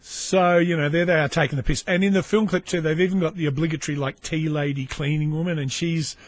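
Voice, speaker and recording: An Australian man hosting a casual solo podcast, sardonic and sweary, with lively asides. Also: on the high side, fast, no room sound. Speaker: podcast host.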